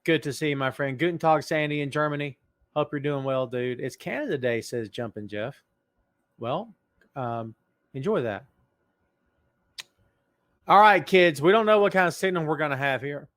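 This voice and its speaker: A man with a fairly high voice hosts a casual livestream podcast, joking with his viewers and calling out their names as they come in. His delivery is animated and playful. The sound is dry and close to the mic. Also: normal speed, long pauses, dry recording. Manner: animated, jokey, greets chat by name. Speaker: podcast host.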